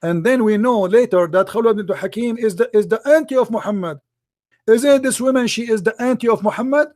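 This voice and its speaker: A man's voice: high voice, brisk, darkish tone, no room sound, clean studio sound. A man hosting a heated debate, insistent and mocking, repeating his challenges over and over. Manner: mocking and insulting. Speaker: debate host.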